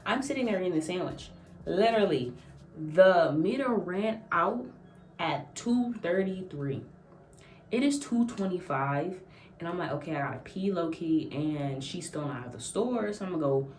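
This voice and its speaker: Low-voiced woman telling a story in an echoey room. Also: moderate pace, slight background noise. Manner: animated, acts out quotes, laughs often. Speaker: vlogger. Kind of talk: casual storytelling. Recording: echoey room, mic at a distance.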